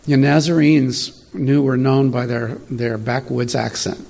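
A man's voice: medium pitch, drawn-out words, gravelly, long pauses, a little mellow, husky. A middle-aged man giving an informal, digressive sermon to a congregation in a church room, chatting and laughing at his own asides. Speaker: preacher.

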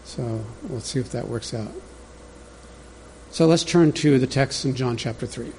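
Mellow-voiced male pastor preaching. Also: medium pitch, a little slow, a little hiss or hum. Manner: conversational, teaching from an outline, talks directly to the congregation. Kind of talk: sermon.

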